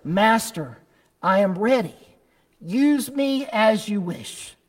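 A man's voice: high-pitched, fairly even intonation, a little mellow, in a large hall. A man voicing a devoted, pleading bamboo. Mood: reverent. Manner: slow, tremulous pleading. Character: noble male bamboo plant, devoted and pleading.

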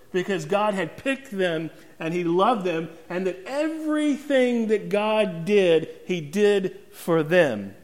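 Male pastor, emphatic sermon, slow deliberate pace, reverberant church. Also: high voice. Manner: emphatic preaching with dramatic pauses and rhetorical questions.

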